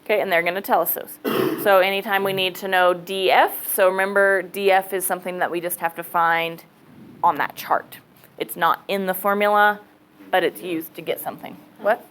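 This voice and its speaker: A woman's voice: fairly low pitch, steady tone, moderate pace, a bit bright, clear, resonant tone, low-quality recording. A woman math teacher giving a casual classroom lecture, thinking aloud and checking in with students. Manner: casual, chatty, thinks aloud, says okay often.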